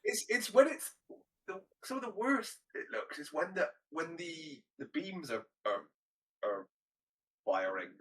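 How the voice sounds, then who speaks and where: A man's voice: fairly high pitch, sing-song, unhurried, pushed and bright, rough recording. A man co-hosting a film review podcast, chuckling often and searching for words in casual chat. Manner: laughs often, hesitant restarts. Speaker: podcast co-host.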